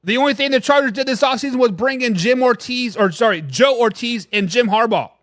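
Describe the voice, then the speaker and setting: Speaking briskly in a high, twangy, slightly bright voice, this sports talk host runs a live NFL stream. He's brash and opinionated, reading fans' comments aloud and replying straight to chat, and the studio-quality audio has no echo.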